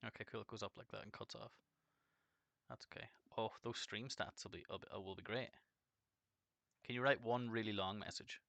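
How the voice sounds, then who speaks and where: A man chats casually on a live game stream at normal speed, rambling and swearing as he goes. His vocal-fry voice leaps from deep to screechy when he gets excited, and the recording is dry.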